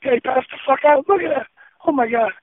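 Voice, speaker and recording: A man's voice: very high voice, fast, no room sound. A man co-hosting a comedy radio bit, calling in over the phone in a frantic, panicky rush. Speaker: radio show co-host on a phone line. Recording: tinny phone line with faint noise.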